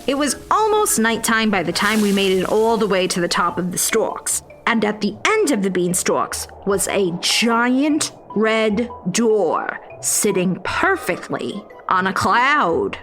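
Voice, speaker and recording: A woman narrating a children's fairy tale in a playful, expressive voice, now and then dropping to a whisper for suspense. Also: mid-range voice, takes it slowly, hardly any pauses, faint music behind. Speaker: storyteller playing the fairy narrator. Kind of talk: scripted children's story narration.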